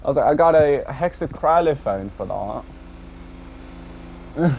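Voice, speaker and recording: A man rambling casually about an online game session, swearing often and tacking on a low, dropped "mate". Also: expressive, a little slow, vocal fry. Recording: dull lo-fi audio with faint background noise.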